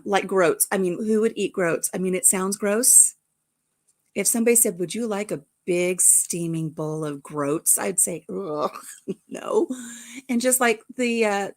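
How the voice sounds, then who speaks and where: Woman, livestream host, casual rambling chat, mid-range voice. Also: medium pitch. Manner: chatty and rambling, greeting viewers by name. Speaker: vlog host.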